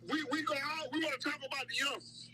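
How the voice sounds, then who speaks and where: A man's voice: very high voice, steady tone, quick pace, heavy background noise. An older man telling a story in a heated, profane way during a casual group discussion. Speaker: panel member.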